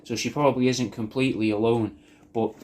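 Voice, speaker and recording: A man's voice: mid-range voice, steady tone, fairly quick, noisy background. A man rambling through a personal video message, swearing a lot and often restarting his sentences. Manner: rambling, sweary, self-deprecating, with many restarts.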